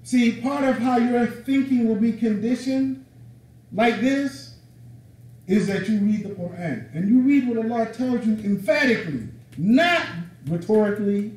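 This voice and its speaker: Male lecturer, high-pitched, emphatic and conversational, slangy delivery; echoey room, mic at a distance. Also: measured pace, darkish tone. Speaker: religious teacher.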